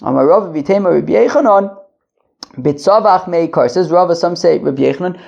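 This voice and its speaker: A man teaching a daily Talmud lesson, translating line by line in a halting way with many restarts while pacing back and forth. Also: fairly high pitch, vocal fry, darkish tone, dull audio. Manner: halting, many restarts and fillers, Yiddish-flavored study terms. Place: pacing at the edge of a wedding hall.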